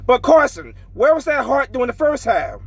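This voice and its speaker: High-voiced man ranting, frustrated. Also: sing-song, moderate pace, husky, dry recording, low-quality recording. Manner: frustrated, heavy swearing, repetitive ranting. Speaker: sports fan vlogger. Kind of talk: ranting fan commentary.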